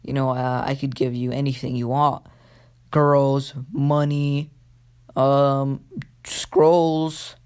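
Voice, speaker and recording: A man's voice: medium pitch, flat delivery, takes it slowly, darkish tone, clear, resonant tone, lightly acted. A man voicing a menacing adult rogue swordsman who bargains in a casual, persuasive way. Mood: bargaining.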